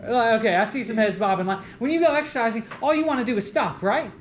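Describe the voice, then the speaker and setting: A young man giving a lively college lecture, joking and asking the class questions. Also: extremely high pitch, quick pace. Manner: animated, jokey, asks the class questions. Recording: echoey classroom with faint room noise.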